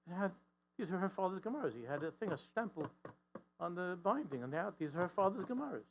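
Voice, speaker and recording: A man delivers a storytelling sermon in a slightly higher voice. He voices the people in his story with rising pitch and force, and he often restarts and repeats words as he goes. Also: fast talker, poor audio. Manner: animated storyteller, voicing the characters' lines with rising pitch and force. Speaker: rabbi giving a talk.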